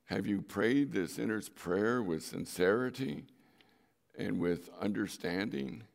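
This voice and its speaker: A man's voice: on the low side, vocal fry. A middle-aged male pastor giving a sermon in a conversational storytelling way, with sudden emphatic rises in his voice.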